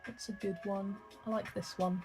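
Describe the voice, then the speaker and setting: A woman's voice: medium pitch, flat delivery, normal speed, music in the background. A woman hosting a colouring livestream, chatting casually and thinking aloud as she picks colours. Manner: chatty, thinking aloud, reads chat messages. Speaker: livestream host. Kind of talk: casual chat while colouring.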